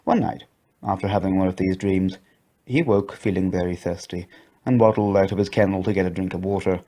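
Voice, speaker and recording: A man narrating a children's story in an expressive storybook reading voice. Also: low-pitched, fairly quick.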